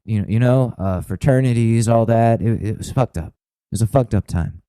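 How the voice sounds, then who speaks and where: A man's voice: medium pitch, normal speed, warm tone, smooth, no room sound, low-quality recording. A man in his twenties hosting a podcast, rambling through a self-mocking, profane comedic monologue. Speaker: podcast host.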